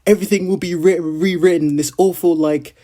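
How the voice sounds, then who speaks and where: A man's voice: high voice, steady tone, fairly quick, voice pushed up, lightly acted. A man voicing a frantic young man raging at a girl, in an anime recap. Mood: despairing. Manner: shouting, pleading questions.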